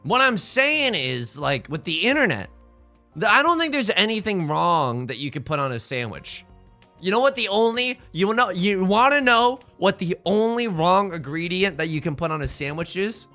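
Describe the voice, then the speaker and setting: With a high, sing-song, pushed and bright voice at normal speed, this streamer jokes casually while playing, rambles, repeats himself, and calls out chat members by name in the middle of sentences. Faint music plays behind him.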